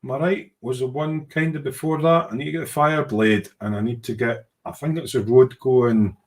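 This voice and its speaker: At a moderate pace, a man with a medium-pitched, slightly mellow voice hosts an informal model-making livestream. He works through viewer comments, rambles and pokes fun at himself in casual British slang, and hums while he clicks around.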